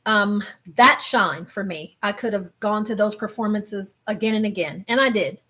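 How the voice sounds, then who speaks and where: A woman's voice: medium pitch, normal speed. A woman hosting a travel live stream, telling a story casually and animatedly, acting out what people said. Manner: animated, exclaims and acts out quotes. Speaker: travel channel host.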